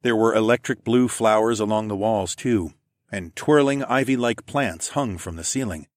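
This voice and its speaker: A man's voice: lowish voice, moderate pace, no echo. A man reading a first-person story aloud in a casual, wry tone. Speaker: narrator.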